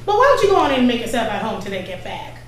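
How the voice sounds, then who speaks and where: Actress as a high, chatty, folksy neighbor woman, echoey stage. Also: huge pitch swings, racing, far from the mic, slight background noise. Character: friendly, nosy middle-aged woman neighbor. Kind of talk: stage play performance.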